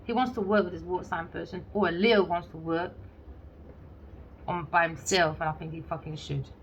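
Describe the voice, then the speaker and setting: This tarot reader has a fairly low voice, fairly even intonation, and a moderate pace. Her casual reading is blunt and sarcastic, peppered with swearing and acted-out snippets of imagined dialogue. Faint background noise runs under the slightly dull lo-fi recording.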